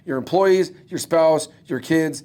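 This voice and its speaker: A man's voice: on the high side, slow pace, a little mellow. A man talking bluntly and emphatically in a casual podcast conversation, swearing freely as a guest. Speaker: guest, roofing business owner and coach.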